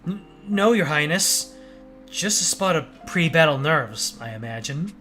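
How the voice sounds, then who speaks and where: A man's voice: fairly high pitch, expressive, measured pace, sharp tone. A man voicing a reserved woman knight who speaks in a stiff, formal, subdued way. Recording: faint game music behind.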